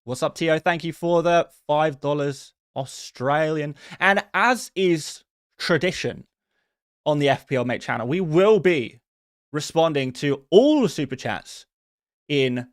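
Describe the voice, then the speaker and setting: Male fantasy football streamer, casual rambling live chat, fairly high voice. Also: lively intonation, measured pace, clear, resonant tone, dry recording, clean studio sound. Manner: rambling, with many restarts and fillers.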